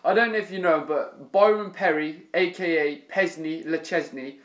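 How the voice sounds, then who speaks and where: A man's voice: a little high, normal speed, a bit bright. A man co-hosting a casual podcast, telling stories about old friends in laid-back banter with some swearing. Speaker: podcast co-host. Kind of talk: casual chat. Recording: echoey room.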